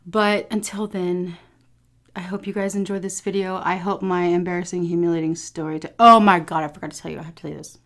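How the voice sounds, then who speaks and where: A woman's voice: lowish voice, steady tone, brisk, pauses often. A tired woman talking candidly to her viewers in a casual home food vlog, swearing freely and often saying "you guys". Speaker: food vlogger.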